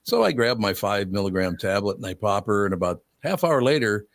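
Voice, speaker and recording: A man's voice: on the low side, sing-song, a little fast, no echo. An older man hosting a talk show, telling stories in a blunt, easygoing way and laughing often. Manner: storytelling, blunt, laughs easily. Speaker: host. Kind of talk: casual radio talk.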